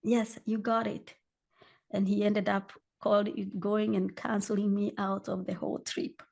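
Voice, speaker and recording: A woman in her forties from Kenya, a guest candidly telling her own story in an interview and acting out the shouting in her quotes. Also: medium pitch, flat delivery, a little slow, vocal fry.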